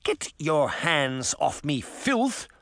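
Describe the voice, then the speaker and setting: A man voicing a haughty, indignant young fairy princess, raising his pitch in a storybook reading. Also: very animated, extremely slow, a bit bright, no echo, studio quality, exaggerated voice.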